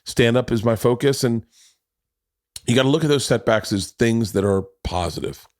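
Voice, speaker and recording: A man in his forties hosting a podcast, telling a long story in casual chat, animated and swearing, jumping into quoted voices. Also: mid-range voice, normal speed, dry recording, studio quality. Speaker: podcast host.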